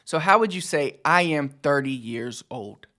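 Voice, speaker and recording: A man teaching a language lesson in a relaxed, casual way, explaining phrases with loose everyday fillers. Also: on the high side, a little slow.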